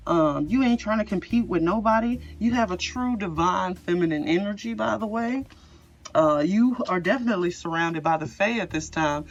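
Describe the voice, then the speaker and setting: Chatty woman tarot reader, mid-pitched voice, rambling casual delivery, slightly dull recording with faint music underneath. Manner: rambling, chatty, laughs often. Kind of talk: casual pick-a-card tarot reading.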